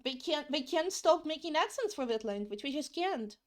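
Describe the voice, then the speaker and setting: A young woman with a high voice talks casually as she draws on a live stream. She rambles, repeats herself and swears freely. English is not her first language. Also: lively intonation, moderate pace. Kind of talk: casual chat while drawing.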